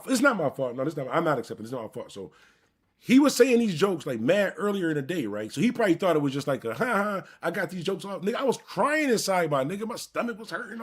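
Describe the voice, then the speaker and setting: Husky, animated storytelling man. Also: high voice. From Buffalo, New York. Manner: animated, rambling, profane, addresses viewers directly. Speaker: live-stream host. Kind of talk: casual storytelling.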